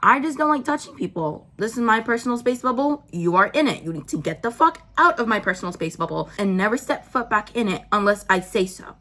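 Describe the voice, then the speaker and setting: Young woman vlogger, casual storytime while doing makeup; blunt, sarcastic, swears freely, mid-pitched voice. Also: lively intonation, fairly quick, hardly any pauses, bright, forceful tone. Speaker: beauty vlogger. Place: at home indoors.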